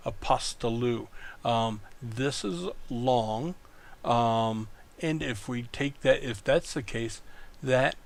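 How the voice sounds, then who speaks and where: Male lecturer, slow and deliberate, gravelly fry in the voice, walks through rules step by step. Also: mid-range voice. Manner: slow, explaining step by step with rhetorical checks. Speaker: Greek teacher. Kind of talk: recorded lecture.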